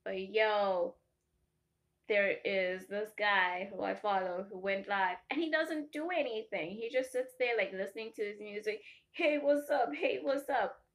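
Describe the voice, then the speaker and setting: A young woman from Africa, chatting casually to camera and telling animated stories full of tangents and laughter. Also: medium pitch, a little slow. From South Africa. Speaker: vlogger.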